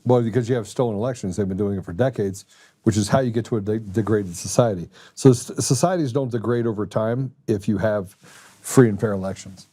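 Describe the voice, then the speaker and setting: Blunt low-voiced male talk host. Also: fairly quick, warm tone, breathy edge. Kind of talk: casual political talk.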